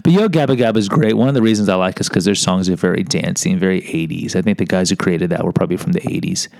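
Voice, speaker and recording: A man's voice: low voice, fast, vocal fry, a little mellow, no room sound, rough recording. A man in his fifties telling a rambling personal story, digressive, wry and self-mocking.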